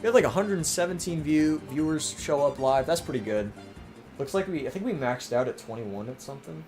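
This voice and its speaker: A man's voice: on the high side, lively intonation, fairly quick, darkish tone, soft background music. A young man with a mixed Maryland, Southern and New York-New Jersey accent, casually chatting on a livestream and reading viewer comments. He rambles with lots of restarts and fillers, his voice a little strained. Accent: mix of Maryland, Southern and New York-New Jersey. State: voice starting to strain. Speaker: livestream host.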